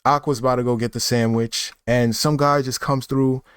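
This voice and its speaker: A man's voice: medium pitch, steady tone, normal speed, clear, resonant tone, no echo, studio quality. A man, talking loosely in a casual monologue full of fillers and tag questions. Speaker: vlogger.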